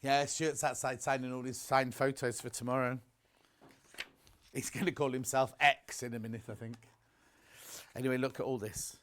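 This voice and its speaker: A man's voice: mid-range voice, fairly even intonation, moderate pace, long pauses, a bit bright. A man presenting a live home shopping broadcast, chatty and gushing, reading out viewer messages as he shows products.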